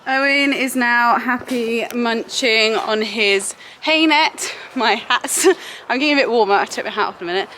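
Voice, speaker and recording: A woman's voice: fairly high pitch, normal speed, sharp tone, a little hiss or hum. A young woman filming her day at a horse yard, chatting to the camera and fondly talking to her horses. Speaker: horse rider running a yard. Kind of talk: casual vlog narration. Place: outdoor stable yard. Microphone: camera mic, no clip-on.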